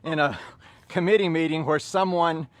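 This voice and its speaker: A middle-aged man with a Southern US accent telling a story casually, animated, chuckling and restarting phrases. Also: on the high side, moderate pace, no echo. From Southern United States. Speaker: fitness coach and storyteller.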